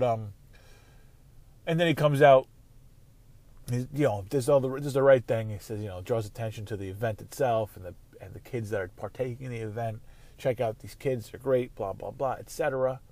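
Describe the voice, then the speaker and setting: A man's voice: medium pitch, creaky, a little mellow. Profane, rambling male podcaster. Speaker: podcast host. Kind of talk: casual solo sports talk.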